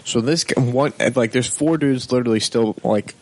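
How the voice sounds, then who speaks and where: A man's voice: medium pitch, moderate pace, no echo. A man telling a rowdy bar story in casual chat, acting out voices, with lots of swearing. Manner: animated, profane, acts out quotes.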